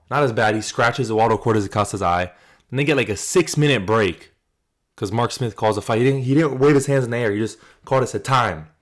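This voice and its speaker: A young man hosting his own channel, talking loosely about fight highlights in a casual, profane way with lots of "like" and restarts. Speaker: channel host. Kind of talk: casual commentary video.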